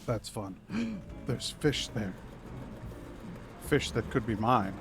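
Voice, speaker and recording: Over music, a man with a fairly low voice talks slowly as he livestreams a game. He chats playfully, reads the dialogue aloud and does silly voices for the characters.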